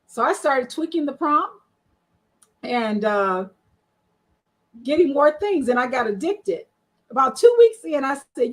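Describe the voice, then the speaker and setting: A woman's voice: sits high, big pitch swings, unhurried, long pauses, rough recording. A woman guest on an online panel show, chatty and frank, telling her story with many fillers. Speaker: guest, marketing strategist.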